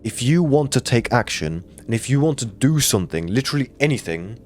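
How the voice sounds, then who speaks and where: A man's voice: mid-range voice, big pitch swings, a little fast, a little hiss or hum. A young man telling a personal story to the camera in a blunt, earnest way, swearing often. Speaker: creator giving life advice.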